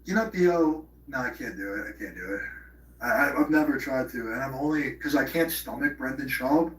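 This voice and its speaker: A man's voice: medium pitch, lively intonation, normal speed, a bit bright. A man hosting a live stream, rambling in profane casual chat and slipping into mock impressions. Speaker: livestream host. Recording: roomy, distant from the mic.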